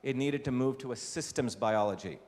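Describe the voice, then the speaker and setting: A man of ordinary pitch lectures to a live audience with emphatic, punchy delivery, often asking the room rhetorical questions. He is from India. His voice rings with the long reverb of a lecture hall. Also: moderate pace, darkish tone. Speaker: invited lecturer.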